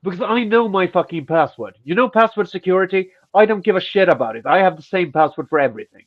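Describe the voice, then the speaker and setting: A man's voice: sits high, fast, muffled recording. A man co-hosting a podcast in casual chat, ranting and swearing, with a stuffy nose. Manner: profane, ranting, animated. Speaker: podcast co-host.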